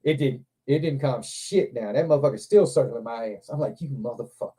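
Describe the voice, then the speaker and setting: His voice is mid-range and fairly quick with a breathy edge as the host launches into a long, swear-filled story, performing the quotes with lots of animation. The setting is a casual livestream hangout, other men audible nearby.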